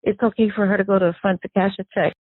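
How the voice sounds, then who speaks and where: A woman's voice: mid-range voice, rapid-fire, no echo. Woman recalling her sister over a tinny phone line. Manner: animated storyteller who acts out quoted dialogue. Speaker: victim's sister, interviewee. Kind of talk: emotional first-person recollection.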